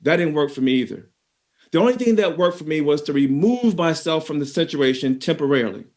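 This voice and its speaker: A man's voice: a little high, fairly quick. A man giving a motivational talk to managers, telling a story and speaking straight to the audience. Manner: animated storyteller, addresses the audience directly.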